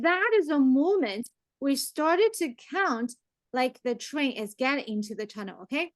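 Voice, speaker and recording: Brief: woman teacher with a high voice, dry close sound, upbeat and quizzing her class. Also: a little slow, no echo. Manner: lively, mixes English and Chinese, asks the class questions. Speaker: math teacher. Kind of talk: online math lesson.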